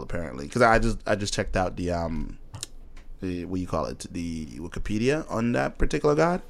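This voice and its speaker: Low-voiced man, chatty and laughing. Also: vocal fry. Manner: laughs often, many fillers and restarts. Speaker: podcast co-host. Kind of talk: casual chat about a TV show.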